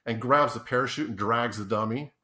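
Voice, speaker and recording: Talking a little fast in a pushed, bright mid-range voice, this podcast guest rambles through casual anecdotes in an interview. He keeps restarting, breaks into laughter and performs the lines he quotes.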